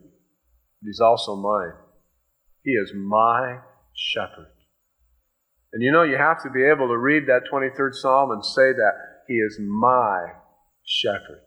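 A man with a bright, forceful voice preaching a sermon. He stretches scripture out slowly and loudly, then tosses off quick asides. On his most personal points he sinks to a near hush. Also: medium pitch, low-quality recording. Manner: swings from slow, loud emphatic reading of scripture to quick asides; drops to a soft, hushed voice for personal points.

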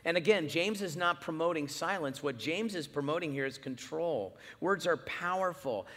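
Animated middle-aged male preacher. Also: fairly high pitch, in a large hall. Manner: animated storytelling, wide swings in loudness. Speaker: pastor. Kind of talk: sermon. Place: church.

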